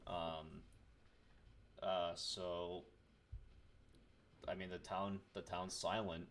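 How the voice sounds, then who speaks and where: A man's voice: low voice, little pitch movement, extremely slow, a bit bright, a little hiss or hum. A man narrating as game master of a tabletop game on a voice call, loose and full of fillers.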